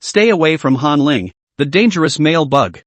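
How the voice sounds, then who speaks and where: Raspy, stern old alien uncle, higher-pitched and scolding, as a male recap narrator puts him on; dry, close sound. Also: animated, moderate pace, no echo. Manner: scolding, warning.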